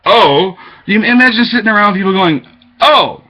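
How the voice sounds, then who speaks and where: This agitated man rants to his webcam in a rambling way, switching topics constantly. His voice is a bit high, bright and forceful, with a moderate pace, and the webcam microphone leaves the audio dull and lo-fi.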